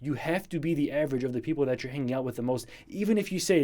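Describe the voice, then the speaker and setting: Guy on a vlog telling a viewer straight up what to do, mellow warm voice, medium pitch, keeps hammering the same point. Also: very fast, hardly any pauses. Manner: blunt, tells it like it is; earnest, repeats points for emphasis. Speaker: YouTuber giving advice. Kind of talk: direct advice to a viewer.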